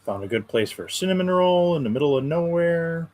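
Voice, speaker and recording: A man's voice: on the high side, animated, fairly quick, a little mellow, low-quality recording. Easygoing Western New York man. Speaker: co-host. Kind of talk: casual live-stream chat.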